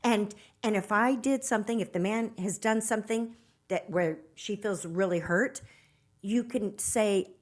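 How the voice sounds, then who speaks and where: An earnest woman coaching on relationships in a podcast chat, with a voice of middling pitch. She speaks emphatically and slips into little acted quotes to show what to say. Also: measured pace. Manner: earnest, emphatic, acts out quoted lines in dialogue. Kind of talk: podcast conversation giving advice.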